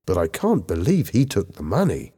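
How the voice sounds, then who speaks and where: A man doing an earnest teenage schoolboy, low husky voice, lively pitch, storybook reading. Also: normal speed, big-room sound, full character voice.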